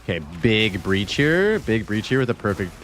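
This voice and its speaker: A man chatting to his stream chat while he plays, and his pitch leaps around when something surprises him. He swears freely and stays excitable, over a faint hum of room ambience. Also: normal speed. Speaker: game streamer. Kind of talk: casual live-stream chat while gaming.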